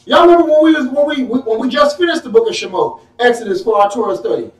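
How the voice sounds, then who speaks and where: A man preaching a sermon in a folksy, animated way, firing off rhetorical questions at his congregation. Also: very high-pitched, fast talker. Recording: echoey room, mic at a distance.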